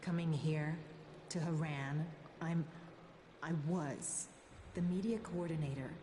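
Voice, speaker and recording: A wry, weary media coordinator. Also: female voice, low voice, fairly even intonation, slow pace, dark tone, roomy sound, a little hiss or hum. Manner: wry, bitter.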